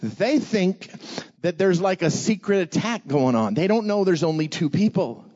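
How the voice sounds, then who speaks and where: A fairly high-voiced man preaches an energetic sermon to children in a church hall. He draws the crowd into call-and-response between stories. The recording sounds dull and lo-fi. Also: normal speed. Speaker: pastor.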